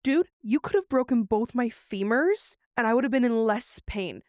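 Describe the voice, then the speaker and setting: Animated woman telling a story, fairly high voice. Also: normal speed, no echo, clean studio sound. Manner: animated, acts out what others said. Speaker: podcast co-host. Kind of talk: casual chat, personal storytelling.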